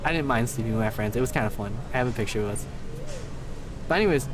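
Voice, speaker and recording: A man's voice: medium pitch, fast talker, background noise. A man chatting casually on a live stream, rambling through a story with lots of swearing and restarts.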